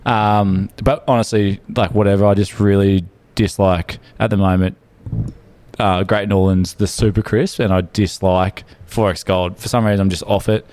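A man's voice: on the low side, level tone, normal speed, a little mellow. A young Australian man, a podcast co-host, telling a crude story in a casual chat and acting out the dialogue. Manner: crude, laid-back storyteller, acts out dialogue.

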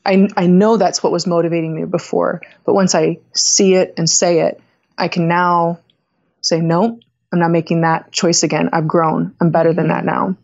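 A middle-aged woman speaks as a guest in a podcast conversation, candid and reflective as she works through her thoughts. Her voice sits a little low, and the audio is slightly dull. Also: flat delivery, moderate pace, creaky, a little mellow. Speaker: podcast guest, company founder. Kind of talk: casual conversation.

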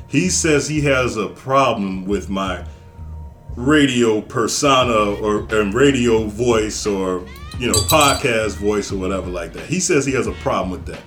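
A man's voice: on the low side, measured pace, a bit bright. Man, podcast host, rambling and self-mocking, chuckles often, faint music behind. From Chicago area. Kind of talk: casual podcast chat.

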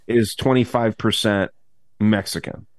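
A man's voice: fairly low pitch, steady tone, measured pace, no echo, studio quality. A man hosting a podcast in casual chat, rambling and swearing, with many restarts. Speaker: podcast host.

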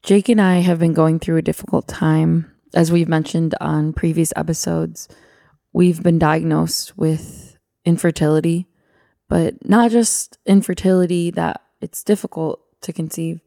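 A woman co-hosting a podcast, guiding listeners through a prayer meditation and praying aloud softly and gently. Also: sits low, steady tone, unhurried, vocal fry, dry recording, clean studio sound. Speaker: podcast co-host.

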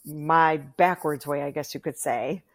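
A woman's voice: sits low, fairly even intonation, a little slow. A middle-aged woman, the host's mother, talking casually as a podcast guest, earnest and good-humored.

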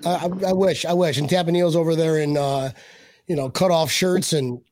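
Brief: male host, high voice, dry close sound, rambling jokey delivery with lots of restarts. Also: fairly even intonation, normal speed, darkish tone, no room sound. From Buffalo, USA. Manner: rambling, repeats words, joking. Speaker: podcast host. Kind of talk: casual chat.

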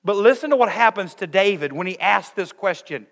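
A man preaching a sermon, emphatic, moving between raised passages and hushed ones. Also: high voice, animated, a little fast, long reverb tail. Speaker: pastor.

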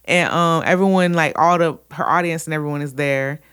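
A woman co-hosting a casual podcast chat, telling a story with lively, laughing energy. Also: low voice, a little fast, clear, resonant tone. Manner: animated storyteller, acts out quotes with laughs. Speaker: podcast co-host.

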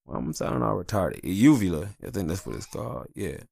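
Low-voiced man in a profane, rambling rant. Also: very animated, fast talker, creaky, darkish tone. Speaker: podcast host. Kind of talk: casual solo podcast rant.

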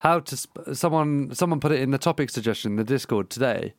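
Give me a relaxed man co-hosting a gaming podcast, mid-pitched and dry. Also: quick pace, no room sound. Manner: relaxed, offhand, swears casually. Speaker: podcast co-host. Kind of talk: casual gaming chat.

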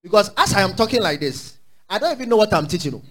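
A Ghanaian man preaching a sermon as pastor, urging the congregation to repeat after him and swinging between quiet asides and loud declarations. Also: sits high, animated, fast. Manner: exhorting call-and-response preaching.

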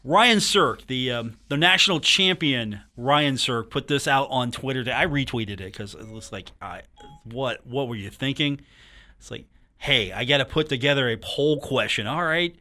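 A man's voice: medium pitch, animated, moderate pace, bright, forceful tone. A man hosting a sports radio show in a studio, talking in a joking, teasing, rambling way. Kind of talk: casual sports talk radio monologue.

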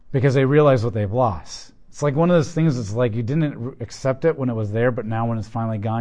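A man's voice: medium pitch, fast, hardly any pauses, dark tone. A man giving a conversational Bible teaching, explaining the text plainly with casual asides and rhetorical questions.

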